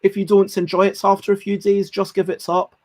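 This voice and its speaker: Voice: medium pitch, a little fast. A podcast host chatting casually and passing on viewer comments. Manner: lively, reads out viewer comments. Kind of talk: casual chat.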